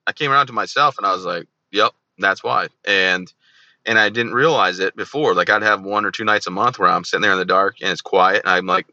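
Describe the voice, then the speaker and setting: A man's voice: low-pitched, fairly quick, bright, forceful tone, dry recording, lo-fi sound. A man in his thirties, a veteran guest on an interview show, telling his own story candidly and animatedly, often acting out remembered dialogue. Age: 30s.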